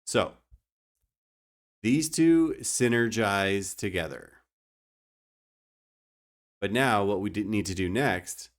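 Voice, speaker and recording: A young man talks through a card game for his live chat in a low, unhurried voice. He jokes with viewers as he plays. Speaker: streamer. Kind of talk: casual gameplay commentary.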